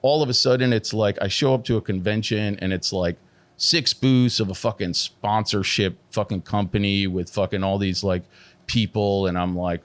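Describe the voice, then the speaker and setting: A middle-aged man, a tattoo artist guest, telling his story candidly and animatedly, full of swearing and "like" fillers. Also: moderate pace. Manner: heavy swearing, constant "like" fillers; animated, pitch jumps when emphatic.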